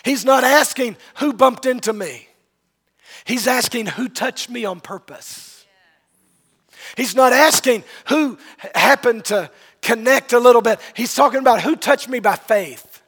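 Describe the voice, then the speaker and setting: A male preacher with a very high voice delivers a slow, dramatic sermon. He swings between loud proclamation and near-hushed asides. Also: husky. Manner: dramatic storytelling, rising and falling in volume.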